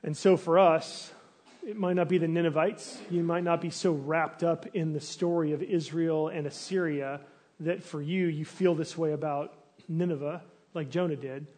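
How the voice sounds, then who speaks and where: A man preaching a sermon in a relaxed, conversational way. He asks the listeners searching questions, restarts his phrases now and then, and his voice sits a little high for a man. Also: normal speed. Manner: restarts and fillers, animated when acting out complaints. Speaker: pastor.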